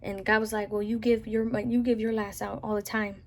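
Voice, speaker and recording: A woman's voice: mid-range voice, level tone, fairly quick. A young Southern woman ranting casually to camera, rambling with lots of "like" and "you know what I'm saying.".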